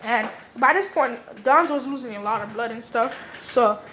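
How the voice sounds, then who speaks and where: Rambling higher-voiced woman telling a story. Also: normal speed, fairly bright tone, slight background noise. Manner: rambling, full of fillers, acts out characters' lines briefly. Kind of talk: casual spoken retelling of a fan story.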